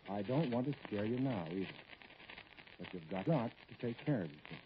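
A man's voice: lowish voice, expressive, normal speed, dull audio, natural voice. An actor playing a firm, fatherly small-town doctor giving advice in a 1940s radio drama, on a hissy old broadcast recording. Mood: advising. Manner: firm, advising.

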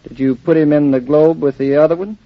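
In 1940s radio acting preserved on a dull old recording, an actor plays a cheerful, teasing young husband who dotes on his dog. His voice is higher than average but close to everyday speech, brisk, and jovially animated.

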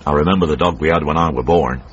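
An actor playing a cantankerous older northern man in a radio comedy drama, blunt and gruff with a Northern English accent. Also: a bass voice, fast talker, a little hiss or hum. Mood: grumbling. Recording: dull old radio broadcast.

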